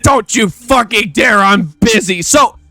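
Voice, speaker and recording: A podcast host rants casually through his stories, exasperated and profane, in a high-pitched, gravelly voice that's pushed and bright yet a little slow. The recording has no room sound, with faint music behind him.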